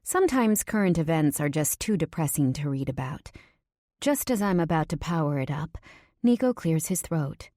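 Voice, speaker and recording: A woman narrating a first-person romance audiobook in an intimate, measured way. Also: deep voice, animated, warm tone, dry recording, studio quality.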